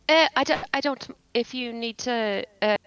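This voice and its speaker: A woman's voice: on the high side, normal speed, fairly bright tone, smooth, no echo, dull audio. A woman playing a tabletop game, speaking politely and a bit hesitantly in character. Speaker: player. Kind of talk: casual tabletop play in character.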